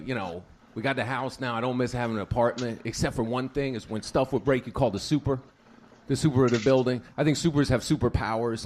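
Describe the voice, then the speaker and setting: A man's voice: mid-range voice, slight background noise. A man doing a stand-up comedy set, telling crude stories and acting out the people in them. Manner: storytelling, crude, acts out stutters. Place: comedy club stage.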